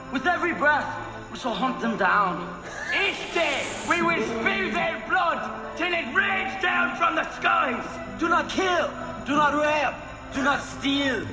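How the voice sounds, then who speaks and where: An actor playing a vigilante man who shouts a fiery manifesto in a film clip. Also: very high-pitched. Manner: shouting, declamatory. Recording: film clip with loud music and echo. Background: music.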